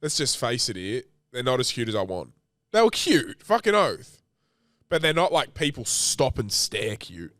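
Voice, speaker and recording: A man's voice: medium pitch, sing-song, moderate pace, fairly bright tone, dry recording, studio quality. A young man, co-hosting a podcast in casual, crude, rambling chat full of slang. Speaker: podcast co-host.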